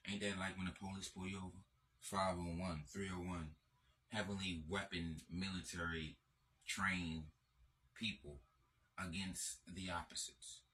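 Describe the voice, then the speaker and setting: Male host, very deep and forceful, repetitive profane lecture style. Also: slight background noise. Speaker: channel host. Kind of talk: lecturing monologue.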